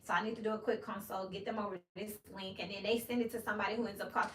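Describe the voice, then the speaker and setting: A woman's voice: medium pitch, fairly even intonation, very fast, a bit bright, a little hiss or hum. Blunt woman in an echoey room. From Memphis, USA. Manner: blunt and profane, with frequent "you know what I mean". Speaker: tarot reader. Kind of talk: casual tarot reading rant. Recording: roomy echo, distant from mic.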